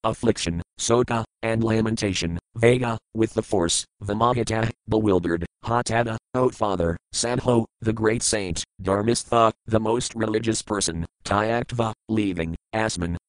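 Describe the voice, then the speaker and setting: A man reciting scripture verses and their word-for-word meanings in a measured, even reading cadence. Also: fairly low pitch, no echo, rough recording. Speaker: scripture reader.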